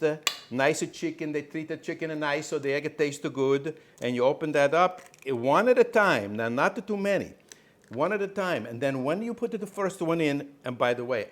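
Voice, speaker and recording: A man playing a chatty Italian-American cook who rambles in broken English with a put-on Italian accent. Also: a little high. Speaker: cooking show host. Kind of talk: comic cooking demonstration.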